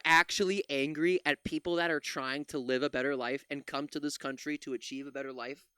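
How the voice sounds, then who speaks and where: A man rants about video clips as a political commentator, angry and profane, stumbling through many restarts. He talks briskly with few pauses in a fairly high, bright, forceful, smooth voice, and the recording is dry, clean studio sound.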